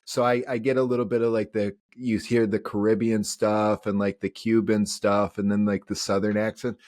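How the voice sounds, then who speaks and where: A man's voice: fairly low pitch, flat delivery, normal speed, a little mellow, no room sound, studio quality. A man with a Minnesota accent, a veteran guest on a podcast, chatting casually and laughing often between rambling restarts. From upper Midwest of the United States. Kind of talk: casual conversation.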